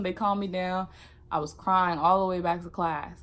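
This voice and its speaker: A young woman shares a casual storytime on her vlog. Her voice sits a little low, and she tells it in an animated way, acting out the lines of the people in her story. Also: moderate pace. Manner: animated, acts out quotes. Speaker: vlogger.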